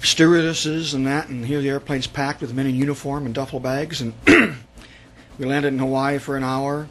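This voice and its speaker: A man's voice: medium pitch, steady tone, moderate pace, fairly bright tone, low-quality recording. A man in his sixties, a veteran guest on a radio interview, telling his stories in a rambling way and often repeating words. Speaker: guest, Vietnam veteran author. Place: radio studio.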